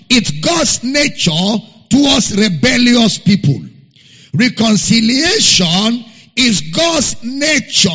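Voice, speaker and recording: A male pastor preaches in a high, animated voice that is gravelly and husky. He speaks slowly and repeats his points for emphasis. The sound is dull and lo-fi, with a long reverb from a large church hall. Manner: reads scripture aloud in King James wording. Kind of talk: sermon.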